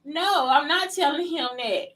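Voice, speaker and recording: A woman's voice: high-pitched, unhurried, a bit bright, low-quality recording. A woman hosting a casual solo podcast, blunt and profane, firing rhetorical questions straight at her listeners. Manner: talks straight to listeners as "y'all". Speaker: podcast host.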